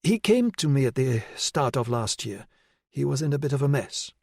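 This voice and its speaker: A man's voice: medium pitch, very animated, vocal fry, a little mellow, no echo, clean studio sound, voice pushed up. A man voicing a nervous middle-aged woman psychiatrist. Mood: guarded. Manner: hesitant, measured.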